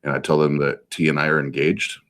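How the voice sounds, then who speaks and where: A middle-aged man in casual talk-show chat, speaking haltingly with many restarts. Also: a bass voice, little pitch movement, a bit bright.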